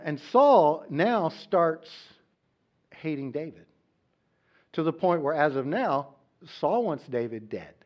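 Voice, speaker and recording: Brief: male pastor, chatty and animated sermon delivery, slightly high voice. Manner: conversational, animated, with frequent "okay?" asides. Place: church. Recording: dull lo-fi recording.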